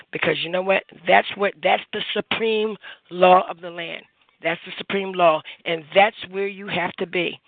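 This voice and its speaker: A man with a high, gravelly voice presses his points over and over, using lots of fillers. He comes through a dry, tinny phone connection with no room sound. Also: no echo. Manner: insistent, repeats himself, many fillers. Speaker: caller. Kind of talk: call-in talk show.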